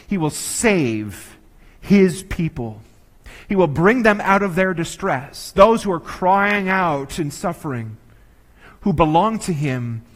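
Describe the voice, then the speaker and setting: Man preaching in a reverberant hall. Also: a little high. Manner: earnest, measured, with emphatic slowed phrases. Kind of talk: sermon. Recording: long reverb of a large hall.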